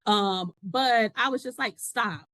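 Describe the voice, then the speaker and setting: A woman's voice: medium pitch, moderate pace, no room sound. A woman who is a podcast guest, telling a personal story in casual conversation and acting out the voices of the people she quotes.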